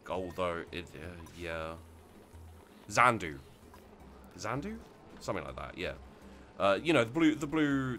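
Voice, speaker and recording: A man with a fairly low, slightly bright voice hosts a let's play, chatting casually while he plays. His commentary rambles, with lots of restarts and fillers.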